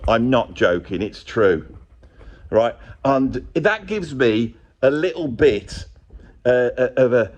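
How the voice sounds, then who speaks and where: A man's voice: mid-range voice, darkish tone. Sarcastic rambling man. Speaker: YouTuber and drummer. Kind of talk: opinionated ranting vlog. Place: room with bare brick walls, indoors.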